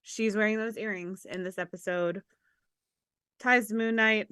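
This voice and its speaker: A woman's voice: mid-range voice, steady tone, normal speed, sharp tone, clean tone, no echo, clean studio sound. A woman co-hosting a casual podcast, rambling through her points with giggly asides. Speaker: podcast co-host.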